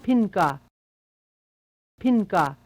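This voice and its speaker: A woman saying short example phrases in a language lesson, speaking slowly and evenly. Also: medium pitch, animated, darkish tone.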